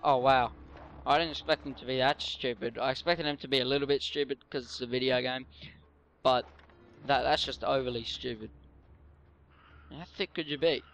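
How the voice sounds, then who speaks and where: A man's voice: medium pitch, steady tone, normal speed, long pauses, a bit bright, a little hiss or hum. A man giving casual, rambling commentary while playing a video game. He often gets tongue-tied and swears offhandedly. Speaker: let's play gamer.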